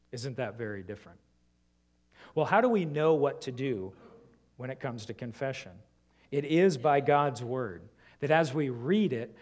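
A man delivers a sermon at a mid-range pitch. He keeps putting rhetorical questions to the congregation, pushing up for emphasis and then falling low and quiet. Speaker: preacher.

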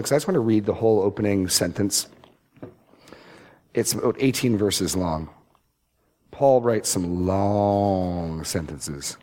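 A man giving expository Bible teaching, reading scripture slowly and stressing key words. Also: lowish voice, a little mellow. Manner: deliberate, emphatic scripture reading.

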